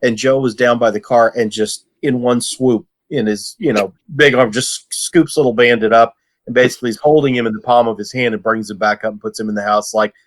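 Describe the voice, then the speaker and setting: A man's voice: medium pitch, steady tone, brisk. A man, a guest on a podcast, telling a story and acting out the lines he quotes. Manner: tells a story warmly, acts out lines and laughs. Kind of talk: casual anecdote.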